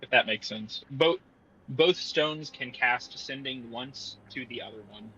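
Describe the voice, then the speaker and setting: A man calmly runs a tabletop game, explaining the rules step by step in a bright voice. His recording sounds a bit dull and lo-fi. A faint hum sits in the background. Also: medium pitch, measured pace. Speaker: game master.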